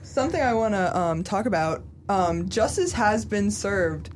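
A woman's voice: mid-range voice, expressive, a little hiss or hum. Chatty young woman co-hosting a podcast. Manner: chatty, lots of fillers, quick asides. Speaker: podcast co-host. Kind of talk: casual podcast chat.

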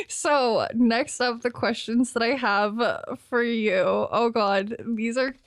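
A woman's voice: a little high, fairly even intonation, takes it slowly, no echo. A young adult woman hosting a podcast, chatting candidly and laughing often. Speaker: podcast host. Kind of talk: casual chat.

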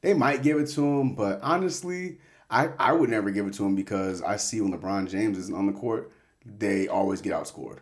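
Deep-voiced man chatting sports casually. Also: moderate pace. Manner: laid-back, swears casually, self-interrupting. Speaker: podcast host.

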